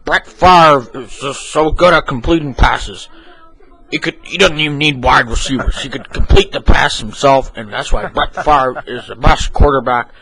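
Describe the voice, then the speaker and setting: A man's voice: moderate pace, pushed and bright, slightly rough, poor audio. A man doing a rambling old football commentator. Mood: gushing. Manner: repetitive, circular, exclamations of "boom". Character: rambling older male football commentator, fixated on one quarterback. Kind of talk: homemade comedy sketch.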